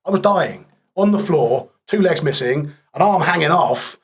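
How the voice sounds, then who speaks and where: Man, podcast guest, candid storyteller, slightly high voice, blunt matter-of-fact delivery with dark humour. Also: lively intonation, normal speed, breathy edge.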